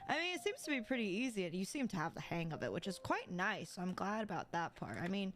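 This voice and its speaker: A woman's voice: medium pitch, big pitch swings, fast. A woman playing a tabletop game who chats casually and narrates her actions, with many fillers. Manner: chatty, filler-heavy, describes her actions. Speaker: player. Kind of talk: casual tabletop role-play.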